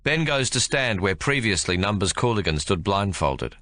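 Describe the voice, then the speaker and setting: A male audiobook narrator tells the story with animated pitch and a forward, bright voice. His voice sits fairly low. The recording is close and dry. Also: moderate pace, hardly any pauses, dry recording. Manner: expressive storytelling with lively pitch. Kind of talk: scripted narration.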